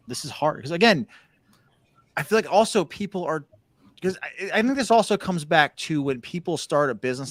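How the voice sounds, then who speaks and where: Male podcast co-host, a touch higher pitched, dry recording, easygoing. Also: a bit bright, no echo. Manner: laughs easily, agreeable. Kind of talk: casual chat.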